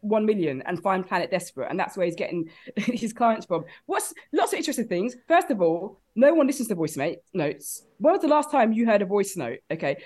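Woman, comedy podcast guest, ranting comic delivery, very lively pitch. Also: brisk.

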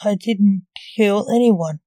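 A woman voicing a nervous male nurse who lies to cover a killing, defensive and jittery, in a mellow voice with a dry sound. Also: mid-range voice, takes it slowly, dry recording, lightly acted.

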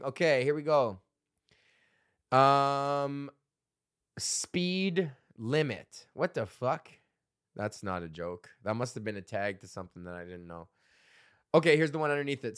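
A man's voice: medium pitch, expressive, measured pace, pauses often, a bit bright, smooth. A man in his thirties hosting a solo comedy podcast, reading out old jokes, rambling and swearing, laughing at his own material.

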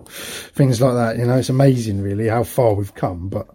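Warm and slightly rough, this middle-aged co-host's mid-range voice stays steady at a normal speed. On the podcast he rambles through film anecdotes in casual conversation, laughing frequently.

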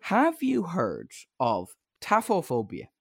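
Lively man telling funny stories. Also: fairly high pitch, takes it slowly, creaky, breathy edge, no room sound, clean studio sound. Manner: anecdotal, jokey storyteller who laughs at his own jokes. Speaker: podcast co-host. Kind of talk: casual chat.

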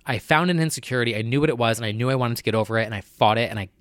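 A man's voice: medium pitch, rapid-fire, a bit bright, no echo, clean studio sound. A man talking candidly to his viewers in a personal vlog, with a nasal voice and an earnest, rambling way of talking that keeps correcting itself. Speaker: vlogger.

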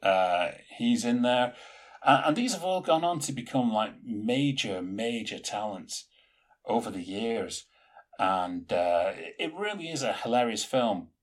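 A man co-hosting a podcast, chatting casually in an animated, rambling way with plenty of fillers. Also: medium pitch, unhurried. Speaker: podcast co-host. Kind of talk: casual chat.

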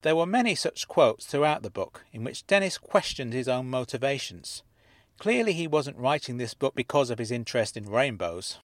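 Calm man narrating a story in a dry booth. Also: mid-range voice, normal speed, no echo. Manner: calm first-person storytelling, voicing each character. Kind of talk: scripted audio drama narration.

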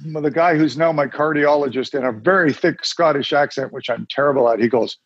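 An older man, a musician guest, telling stories in a casual interview with halting restarts and self-mocking humor. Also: on the high side, a crowd in the background. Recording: dull lo-fi dry sound.

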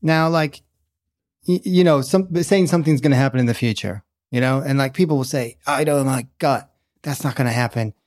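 A man speaking at a mid pitch as a podcast guest, working through an idea step by step with hedges and asides. His tone is measured and explanatory. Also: darkish tone. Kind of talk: conversational interview answers.

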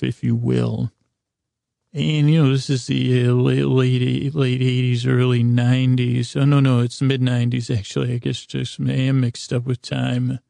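A man narrating a rambling, comedic bedtime story in a halting, deadpan way, full of restarts and asides. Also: medium pitch, creaky, no room sound, studio quality. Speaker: podcast storyteller.

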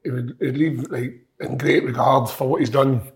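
His voice is mid-range and creaky, with fairly even intonation and a moderate pace. This Scottish-accented football pundit talks through his opinions on a laid-back podcast, thinking aloud and repeating words as he builds his argument.

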